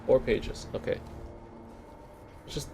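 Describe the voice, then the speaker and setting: A young Canadian man with a Canadian accent hosts a let's play, chatting casually and thinking aloud as he plays. He talks slowly in a darkish tone, with soft music in the background.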